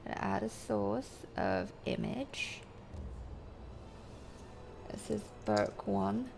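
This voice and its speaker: A woman's voice: mid-range voice, wildly swooping pitch, drawn-out words, vocal fry, darkish tone, slight background noise. A woman game streamer rambling casually to her viewers, swearing freely. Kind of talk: casual live-stream chat.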